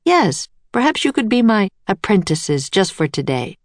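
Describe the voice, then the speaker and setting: A woman's voice: mid-range voice, big pitch swings, moderate pace, no room sound, pitched above the performer's own voice, close to an everyday voice. A woman reading aloud, voicing a cheerful, gracious and rather boastful master artist in a storybook. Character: grand, cheerful man, an older artist genius.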